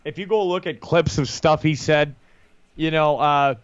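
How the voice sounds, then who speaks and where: A man's voice: a little high, fairly even intonation, measured pace, clear, resonant tone, no room sound. An American man co-hosting a live show, ranting and laughing in casual chat. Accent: American English. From United States. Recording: dull lo-fi sound.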